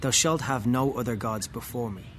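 A man reading a first-person story aloud, slow and wry, with muttered, dry asides. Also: mid-range voice, a bit bright, a little hiss or hum.

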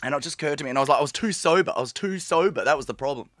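A man rattles through a comic tale in a casual chat, his voice fairly high and his delivery fast. He drops quick jokey asides between points. The sound is close and dry. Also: expressive, a bit bright, dry recording, soft background music. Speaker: guest.

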